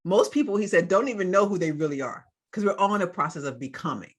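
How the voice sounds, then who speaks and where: A woman's voice: on the low side, lively intonation, fast, breathy edge. Chatty woman podcast co-host. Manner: chatty, recounts details with fillers and asides. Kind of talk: casual chat recapping a sermon.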